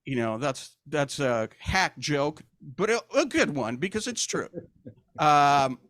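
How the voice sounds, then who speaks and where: An older man from Argentina tells self-deprecating stand-up jokes. His voice sits fairly high and swings animatedly up and down. The sound is dry and close, and his delivery is loose and hesitant, full of fillers. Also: big pitch swings, takes it slowly, fairly bright tone, no room sound. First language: Spanish. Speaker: stand-up comedian. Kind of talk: stand-up comedy set.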